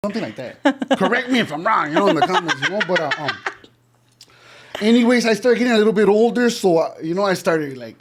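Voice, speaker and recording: A man's voice: high-pitched, animated, fast, background noise. A middle-aged man telling stories as a podcast guest, loose and casual, full of slang and "you know" fillers. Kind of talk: casual interview storytelling.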